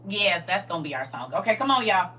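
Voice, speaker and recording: A woman's voice: on the low side, big pitch swings, quick pace, sharp tone, recorded from a distance. A woman teaching a livestreamed Bible study, reading scripture aloud and talking to her viewers directly in a casual, preachy way.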